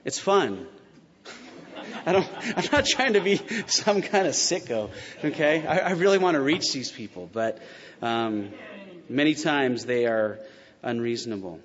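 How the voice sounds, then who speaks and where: A man's voice: medium pitch, moderate pace. A pastor delivering a conversational sermon and acting out the quotes he tells, recorded in a church sanctuary. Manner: conversational and animated, acts out quotes. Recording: muffled sound with long reverb in a large hall.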